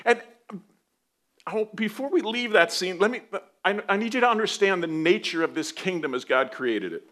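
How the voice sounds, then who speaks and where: A pastor preaching a sermon, opening with a soft, low prayer and then telling stories in a playful, conversational way with asides. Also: male voice, lively intonation, normal speed.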